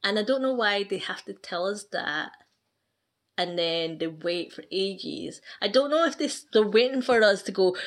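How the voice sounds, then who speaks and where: A woman's voice: medium pitch, animated, moderate pace, fairly bright tone. A woman clan leader chatting casually, ranting in an amused way and laughing often. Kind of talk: casual chat.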